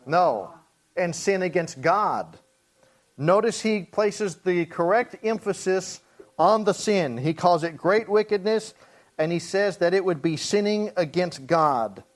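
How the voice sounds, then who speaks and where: A man with a fairly high voice leads a church Bible study. He reads verses slowly and deliberately, then breaks them down in plain conversational speech. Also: lively intonation. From Hawaii. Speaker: pastor teaching Bible study.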